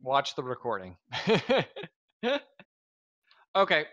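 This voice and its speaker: Man, thirties, wry rambling live stream host, bright tone, dull lo-fi sound. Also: mid-range voice, very animated, takes it slowly. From Southern US. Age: 30s. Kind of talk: casual live stream chat.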